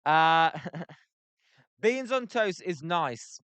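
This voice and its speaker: A young British man with a British accent calling a baseball game on a livestream, reading chat aloud between pitches with lots of filler words. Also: very animated, very slow, fairly bright tone, clean tone, no room sound. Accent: British English. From Britain. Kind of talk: casual play-by-play livestream commentary.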